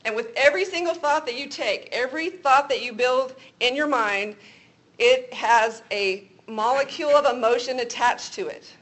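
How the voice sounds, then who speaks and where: A woman's voice: high-pitched, normal speed, fairly bright tone, low-quality recording. A middle-aged woman co-hosting a Christian talk show, giving an earnest faith teaching and telling personal stories. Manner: earnest, testimony-style storytelling.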